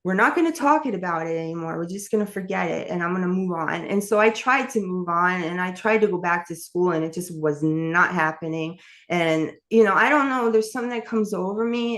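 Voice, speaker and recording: A woman's voice: fairly low pitch, a little fast, few pauses. A woman telling her life story in an interview, candid and rambling, with many fillers and restarts. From New York. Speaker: author and interview guest.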